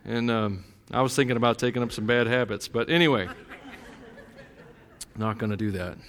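Joking pastor preaching in a reverberant hall. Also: male voice, mid-range voice, normal speed, fairly bright tone. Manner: jokey, conversational preaching with rising emphasis. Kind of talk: sermon.

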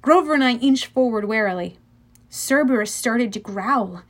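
A woman narrating a children's fantasy audiobook in the first person, lively and storytelling. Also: fairly high pitch, moderate pace.

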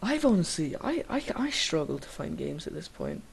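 A man's voice: a little high, big pitch swings, moderate pace, gravelly, husky. A young man with a Scottish accent, chatting casually and rambling about games in a laid-back, slangy way. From Scotland.

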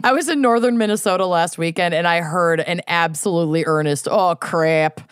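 Gushing woman, lowish voice. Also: fairly quick, heavy background noise. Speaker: podcast co-host. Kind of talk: casual chat.

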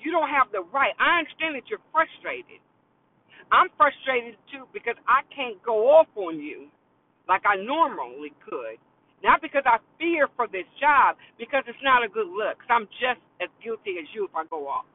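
A man's voice: extremely high pitch, big pitch swings, normal speed. A man who works in retail tells a story about a customer in a firm, emphatic way and repeats his key phrases. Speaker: retail worker telling a work story. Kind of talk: casual storytelling rant to camera. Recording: tinny phone-like sound.

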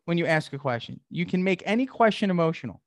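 High-voiced emphatic sales coach man. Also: expressive, fast, no room sound. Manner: direct, emphatic, acts out customer dialogues.

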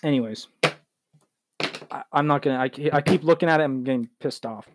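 A man's voice: medium pitch, a little fast, noisy background. A man hosting a solo sports talk podcast, rambling, heated and correcting himself as he goes.

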